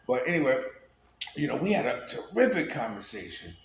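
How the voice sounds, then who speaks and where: In an echoey room with faint background noise, a man with a mid-range, sing-song voice vlogs at a fairly quick pace. He tells a loose, rambling story as a casual monologue, laughing often and peppering it with "you know."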